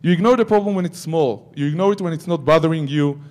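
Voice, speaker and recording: A man's voice: fairly high pitch, quick pace, darkish tone. Joking man giving a conference talk. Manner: joking asides to the audience. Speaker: conference speaker.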